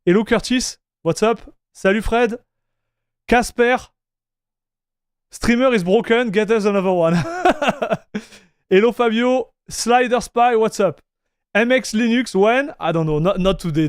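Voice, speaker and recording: A man's voice: sits high, clean tone, no echo, studio quality. A man streaming live, chatting casually, greeting viewers and reading their chat messages aloud, often restarting his sentences. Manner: frequent restarts and fillers.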